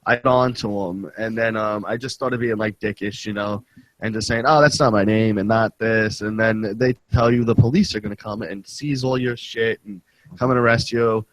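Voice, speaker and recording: A man's voice: lowish voice, steady tone, moderate pace, no room sound, low-quality recording. Man telling a story in casual banter. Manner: storytelling, mimics callers mockingly. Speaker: co-host.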